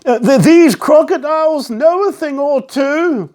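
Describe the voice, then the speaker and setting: A man voicing a rich old gentleman in a children's storybook, shouting enthusiastically in a raised voice. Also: extremely high pitch, measured pace, pitched above the performer's own voice. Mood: chuffed. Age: older. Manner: cheering, enthusiastic. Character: rich old man freed from his wheelchair.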